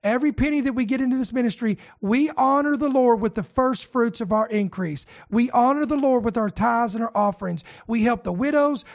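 A man preaching a sermon in an emphatic, repetitive style, often restarting his phrases. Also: very high voice.

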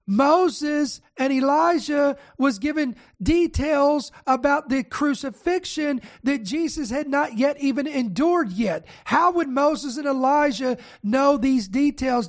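Brief: high-pitched pastor, fervent sermon delivery, punches points with "come on", reads scripture aloud. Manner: impassioned, repeats "come on" for emphasis.

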